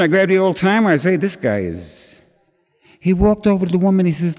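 Man telling a lively recovery story. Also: high-pitched, fast. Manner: animated storyteller, acts out voices of others. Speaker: recovery meeting speaker. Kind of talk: personal recovery story told to a crowd. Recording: dull lo-fi recording with long hall reverb.

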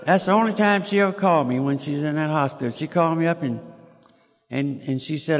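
An older man with a drawl tells a personal story with folksy, chuckling asides and frequent restarts. His voice sits a touch high for a man. The sound rings with the long reverb of a large hall. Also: brisk.

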